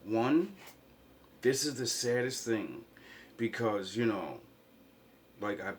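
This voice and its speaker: A man in a rambling, impassioned vlog monologue, swinging from quiet mutters to loud outbursts. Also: mid-range voice, lively intonation, slow pace, a little hiss or hum. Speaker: vlogger.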